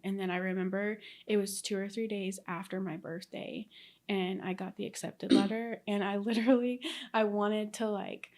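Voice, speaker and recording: Woman, 30s, from Texas, interview guest, chatty storyteller, flat even delivery, lots of fillers. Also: mid-range voice, normal speed. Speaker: guest, ICU nurse. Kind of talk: casual interview chat.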